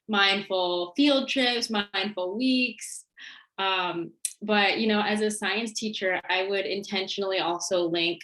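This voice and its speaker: A woman mindfulness educator and former science teacher, talking as a guest in a relaxed, friendly way. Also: mid-range voice, low-quality recording. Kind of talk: conversational interview.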